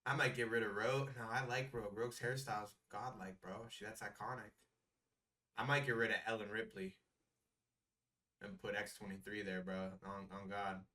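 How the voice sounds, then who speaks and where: A young man co-hosting a casual podcast, animated and slangy, repeating himself for emphasis. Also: fairly low pitch, moderate pace, distant mic. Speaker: podcast co-host.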